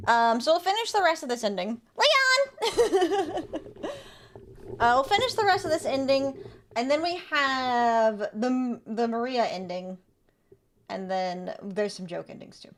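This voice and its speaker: A woman streamer giving casual, animated gameplay commentary with quick asides and laughter. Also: high-pitched.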